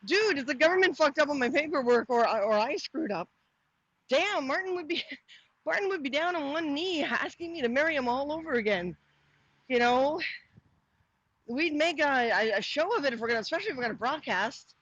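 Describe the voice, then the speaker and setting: A woman's voice: sits high, expressive, brisk, fairly bright tone, no room sound, lo-fi sound. A middle-aged woman, chatting casually on a live stream while walking outdoors. She rambles, restarts often and answers viewer comments aloud. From Canada. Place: outdoors, walking to the post office.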